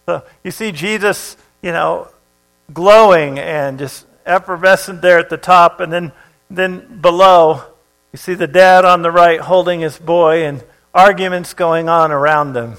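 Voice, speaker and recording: Man, high-pitched voice, sermon, scripture reading, conversational preaching, fillers and restarts. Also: steady tone, unhurried, fairly bright tone, rough recording. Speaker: pastor.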